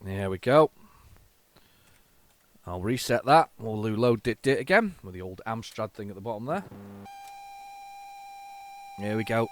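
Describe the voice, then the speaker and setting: Chatty man, rambling and excitable. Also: fairly low pitch, a little slow, pauses often, slight background noise. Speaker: host. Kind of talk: casual commentary on retro computer tapes.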